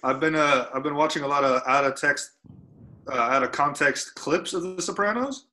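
A man's voice: on the high side, moderate pace, bright, forceful tone, low-quality recording. A man chatting over a video call, teasing the others and hesitating with filler words.

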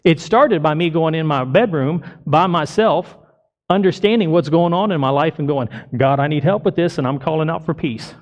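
A man's voice: fairly high pitch, normal speed, muffled recording. A male pastor delivering a sermon to his congregation, emphatic and full of rhetorical questions. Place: church congregation.

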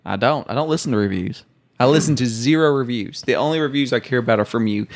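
A man's voice: medium pitch, fast talker. A man co-hosting a casual podcast, reading listener emails aloud between jokey banter. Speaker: podcast co-host.

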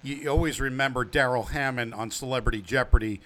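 Casual co-host, man in his fifties, mid-pitched, relaxed jokey chatter with lots of "uh"s. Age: 50s. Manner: chatty, jokey, halting with fillers. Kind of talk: casual chat.

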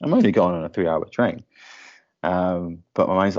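A man with a very low voice chats casually as a podcast co-host. He laughs easily and fills his talk with ums and you-knows. The audio is dull and lo-fi, like a call recording. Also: expressive, normal speed, darkish tone. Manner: chatty, laughs easily, frequent fillers. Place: lives in Shanghai.

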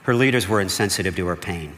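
A man's voice: sits low, fast, a bit bright. A man, a pastor, delivering a conversational sermon, often checking in with "okay?" and "right?". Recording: long hall reverb.

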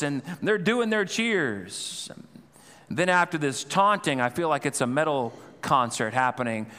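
A male pastor preaching a sermon, telling a scripture story with animated, dramatized retelling. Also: fairly high pitch. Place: church sanctuary. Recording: long reverb in a church hall.

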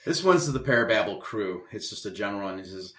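A man's voice: fairly low pitch, lively intonation, quick pace, a bit bright, a little hiss or hum. A man co-hosting a podcast in casual chat, joking and laughing often. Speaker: podcast co-host. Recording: roomy echo.

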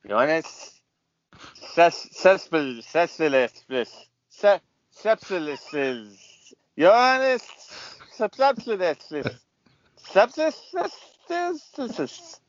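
Guy doing a high lisping ballpark announcer, goofy and drawn-out, dull dry lo-fi sound. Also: expressive, no echo. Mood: announcing. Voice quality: lisp, drawn-out mangled name. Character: lisping male stadium PA announcer, loopy.

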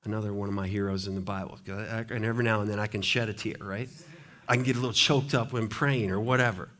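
Man preaching, hushed then rising. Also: lowish voice, fairly even intonation, fast. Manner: dramatic scripture reading with big swings between hushed and loud. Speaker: pastor. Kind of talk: sermon.

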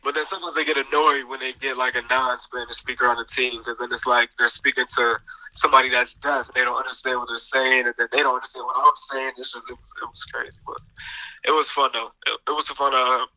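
A man, a basketball player, answering interview questions in a relaxed way with many fillers. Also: medium pitch, quick pace, no echo, rough recording.

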